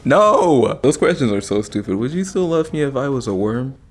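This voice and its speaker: A young man, a YouTuber, giving casual reaction commentary to camera in an animated, sarcastic way, laughing often. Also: mid-range voice, moderate pace. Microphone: facing the camera.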